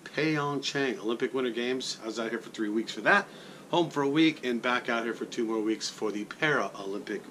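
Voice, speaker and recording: A man who works as a sports announcer, telling a story to the camera in a chatty, animated vlog style. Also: on the low side, slight background noise. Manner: animated, chatty, talks straight to the viewer.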